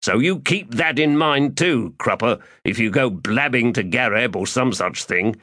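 A man's voice: medium pitch, lively intonation, a little slow, bright, forceful tone, dry recording, studio quality, pitched above the performer's own voice. A man voicing a nervous male petty crook who talks in a wheedling, defensive way.

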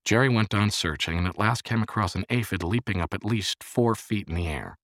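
Deep-voiced male audiobook narrator. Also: expressive, a little fast, fairly bright tone, no room sound, clean studio sound.

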